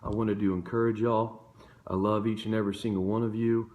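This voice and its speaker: A man's voice: lowish voice, flat delivery, fairly quick, narrow, tinny audio. A man preaching an impassioned devotional sermon, fervent and building to intense emotional peaks. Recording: echoey room, phone-captured video.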